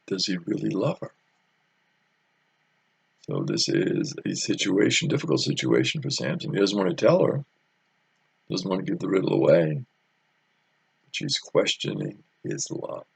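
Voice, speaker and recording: A man teaches a Bible story in a relaxed, chatty way, with plenty of fillers. His deep voice is heavily gravelly and a little husky, and it rises and falls widely. The sound is close and dry. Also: moderate pace, pauses often, no room sound. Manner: conversational storytelling with many fillers.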